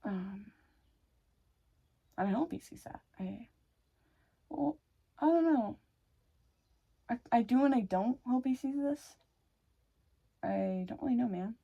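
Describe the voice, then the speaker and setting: A young woman telling her own story in a casual, rambling way, swearing often, breaking off mid-thought and adding wry dark humor. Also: fairly high pitch, animated, slow pace, vocal fry, long pauses, breathy edge, lo-fi sound. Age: young adult. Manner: rambling and frank, swears often, self-interrupting.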